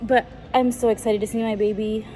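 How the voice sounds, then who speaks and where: Her voice is on the high side and fairly quick, with faint music behind her. A young woman shopping at car dealerships and showrooms chats excitedly to her phone camera, a bit tired, saying "like" and "guys" often. Loud background noise from kids playing and people talking fills the phone video.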